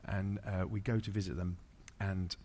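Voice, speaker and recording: A man's voice: low voice, level tone, normal speed, warm tone, a little hiss or hum. A man, a pastor, preaching through an anecdote, with many fillers and restarts. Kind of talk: sermon storytelling.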